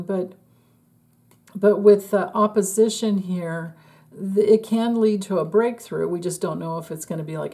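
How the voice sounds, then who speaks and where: Chatty woman with a mellow voice. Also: mid-range voice. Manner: chatty, laughs often, trails off and restarts. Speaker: astrologer. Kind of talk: casual solo astrology forecast.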